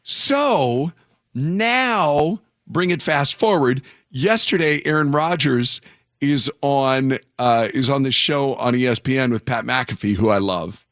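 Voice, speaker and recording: A man's voice: medium pitch, lively intonation, slow pace, fairly bright tone, no room sound, clean studio sound. A man hosting a morning radio show, telling a news story in a rambling, self-interrupting way.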